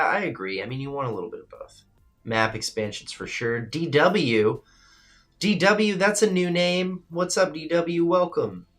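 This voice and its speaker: A livestream radio show host chats casually in a mid-range, fairly bright male voice. He reads viewer comments and offers loose, opinionated takes, swearing freely.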